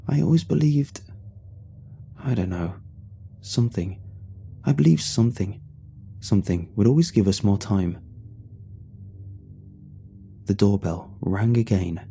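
A man narrating a first-person horror story in a hushed, tense and grief-laden way. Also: on the low side, slight background noise. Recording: soft music underneath.

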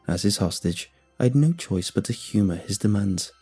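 Husky-voiced man narrating a horror tale. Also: lowish voice, animated, normal speed, hardly any pauses, mellow, soft background music. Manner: dramatic, suspenseful reading. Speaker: storyteller. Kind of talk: first-person horror story narration.

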